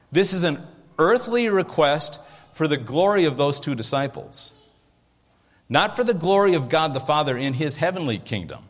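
A man preaching a sermon as pastor, in a lively, conversational way with jokes and asides. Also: medium pitch. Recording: echoey hall with long reverb.

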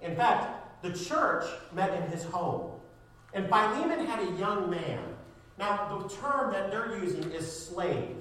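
A man's voice: high voice, expressive, takes it slowly, fairly bright tone. A man preaching a sermon as a pastor, with a sarcastic streak, building to fervent emphasis. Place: church sanctuary. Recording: echoey church hall, distant mic.

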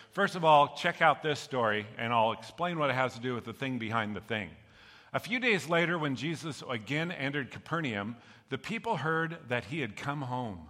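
A male pastor preaching a sermon with a bright, forward voice. He tells the story with animated energy and acts out the voices of its characters. His voice rings with the long reverb of a large hall. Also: medium pitch.

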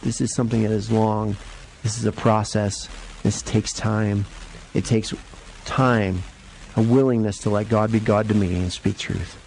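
A male pastor giving a conversational sermon in a church, jumping up and down in pitch to stress his points. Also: measured pace, a little hiss or hum, poor audio. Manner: conversational and lively, varies pitch for emphasis. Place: church sanctuary.

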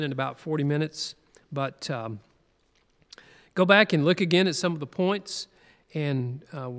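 A man preaching a sermon, reading scripture aloud with earnest emphasis and stretching key words. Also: on the high side. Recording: long hall reverb.

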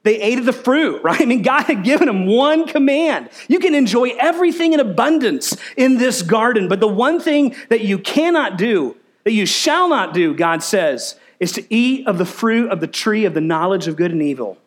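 Male pastor, high voice, emphatic sermon delivery, quizzes the congregation. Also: moderate pace, few pauses. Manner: asks the congregation questions, emphatic and animated.

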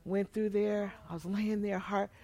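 A woman pastor telling a personal testimony in a sermon, moving between quiet, hushed storytelling and loud, emotional outbursts. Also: mid-range voice, fairly even intonation, measured pace.

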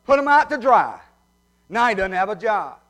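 A man's voice: high-pitched, sing-song, moderate pace, a bit bright. A man preaching a sermon, folksy and heartfelt as he tells stories. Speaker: pastor. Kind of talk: sermon with humorous story.

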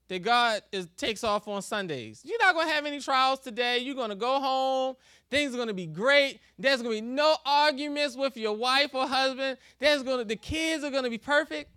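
A man preaching a sermon in a relaxed, conversational way, laughing often and acting out little quoted exchanges. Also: very high-pitched, normal speed, clean tone, no room sound. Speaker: pastor.

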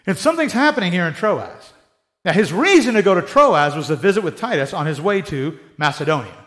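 A man's voice: high voice, animated, brisk, fairly bright tone. A man preaching a sermon in a conversational way, often acting out the voices of people he quotes. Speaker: pastor.

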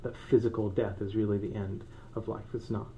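A man, a pastor with children, preaching a sermon in a relaxed, joking way and laughing often. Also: on the low side, fairly quick, muffled recording, a little hiss or hum. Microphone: microphone.

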